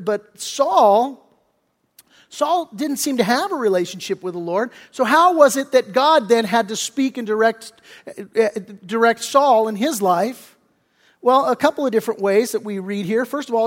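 A man's voice: extremely high pitch, big-room sound. A man preaching a sermon as pastor, earnest and repeating key phrases, often restarting his sentences.

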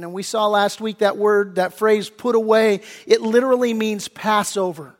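High-pitched pastor guy preaching, gets loud then goes real quiet and pleading, big echoey church sound. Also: normal speed, hardly any pauses. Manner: preaching with big swings from loud to hushed, earnest. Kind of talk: sermon.

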